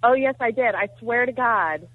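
A woman's voice: on the high side, lively intonation, moderate pace. Woman calling in over a thin phone line, kinda sheepish n hesitant. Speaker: caller. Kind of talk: phone-in confession.

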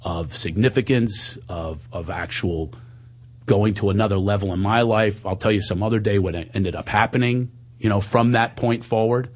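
In an animated, candid conversational telling of a personal story, a man speaks at normal speed. His voice climbs higher when he quotes himself and drops low and soft at tender moments.

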